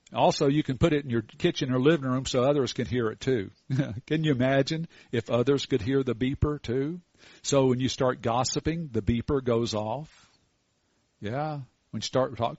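An older man preaching a sermon in a folksy, storytelling way with animated asides. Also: mid-range voice, no room sound, lo-fi sound.

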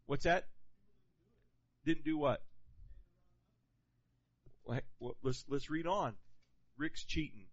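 A man preaching a sermon in an animated, conversational way, asking the congregation questions. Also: fairly high pitch, extremely slow, long pauses. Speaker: pastor. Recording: dull lo-fi sound.

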